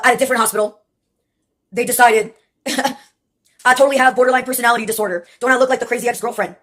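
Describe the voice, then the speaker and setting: A woman's voice: fairly high pitch, a bit bright. A woman from Texas in a rambling, sarcastic monologue, swearing and laughing often as she jumps between topics. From Brownsville, Texas.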